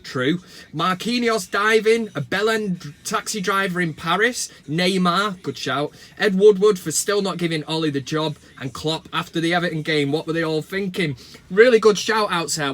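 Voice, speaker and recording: A man's voice: fairly high pitch, a bit bright. A man with a Mancunian accent hosting a football fan vlog, reading viewer comments with sweary, cheeky banter. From Manchester, England. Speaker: football fan channel host. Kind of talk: casual fan reaction vlog. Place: talking into a camera at home. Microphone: camera mic.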